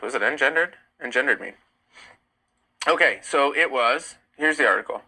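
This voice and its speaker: This livestream host is a young man from the United States who reads out viewer comments and fires back with animated, argumentative replies. He speaks at a moderate pace in a mid-range voice, captured on a rough recording.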